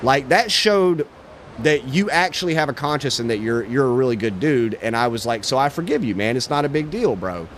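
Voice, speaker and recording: A man's voice: medium pitch, animated, a little fast. Laid-back male streamer, slangy and profane, over a faint noisy background. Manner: laid-back, swearing, lots of "bro" and "dude". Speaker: livestreamer. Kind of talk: casual chat while gaming.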